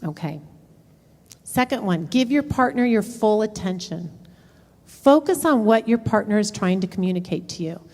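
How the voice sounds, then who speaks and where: A woman's voice: medium pitch, expressive, normal speed, a little mellow, big-room sound. A middle-aged woman counselor giving a workshop talk, explaining step by step and acting out dialogue from examples. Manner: explanatory, acts out quoted dialogue. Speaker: relationship counselor. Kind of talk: workshop presentation. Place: lecture room.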